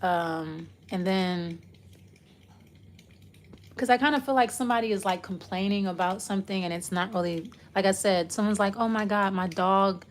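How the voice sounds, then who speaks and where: A woman's voice: mid-range voice, moderate pace, slight background noise. A woman giving a casual, loose tarot reading, rambling and trailing off as she talks it through. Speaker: tarot reader.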